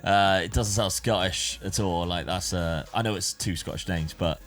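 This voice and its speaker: Male gaming host, chatty and self-correcting, slightly low voice. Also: moderate pace. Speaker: gaming YouTuber. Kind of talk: casual gameplay commentary.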